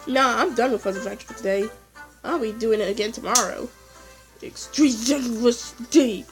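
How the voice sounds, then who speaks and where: A woman giving casual, excitable commentary while playing a game. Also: a little high, normal speed. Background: game music.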